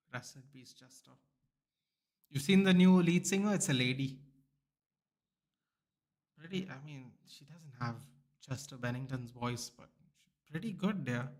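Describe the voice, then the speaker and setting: A young man, chatting casually to viewers during a live football watchalong stream. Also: medium pitch. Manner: chatty, reacting aloud to chat, many restarts and "bro", "dude".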